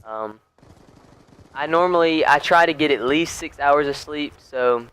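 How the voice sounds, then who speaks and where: Laid-back young man, smooth clear voice. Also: a little high, a little slow, a bit bright, poor audio. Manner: rambling, with many fillers and restarts. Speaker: gaming YouTuber. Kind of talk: casual gameplay commentary.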